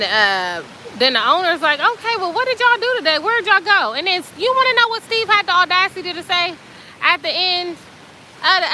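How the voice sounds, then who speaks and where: Brief: woman host, high-pitched and colloquial, animated storytelling with fillers. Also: slight background noise, poor audio. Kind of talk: casual chatty storytelling.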